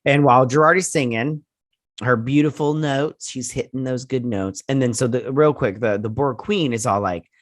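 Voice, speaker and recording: A man's voice: mid-range voice, moderate pace, no room sound. Rambling male TV reviewer, dry sound. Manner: rambling, filler-heavy retelling that acts out characters' lines. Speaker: TV episode reviewer. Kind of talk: casual spoken episode review.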